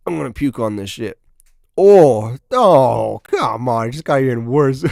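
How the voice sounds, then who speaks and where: A young man talks through a casual reaction video with blunt, profane, mocking commentary. His voice sits at an ordinary middle pitch. The sound is dry and close, with no room echo. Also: normal speed, a little mellow.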